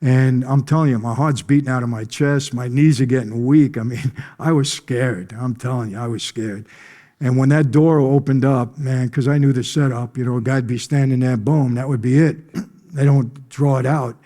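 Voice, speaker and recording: A man on a conference stage recounts a personal story with a mellow, warm tone. He talks emphatically and conversationally, stressing key moments and pausing now and then to clear his throat. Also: medium pitch, fairly even intonation, in a large hall. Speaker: conference speaker.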